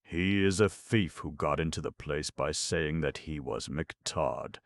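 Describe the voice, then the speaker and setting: A man's voice: extremely low pitch, measured pace, no room sound, studio quality. A man voicing an earnest, impatient young woman in an audiobook, speaking in a clipped, insistent way.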